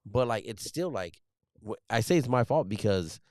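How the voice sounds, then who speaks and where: A man's voice: mid-range voice, animated, moderate pace, a little mellow, no echo, clean studio sound. A man in his thirties, a podcast host, talking earnestly in casual chat, rambling with lots of fillers.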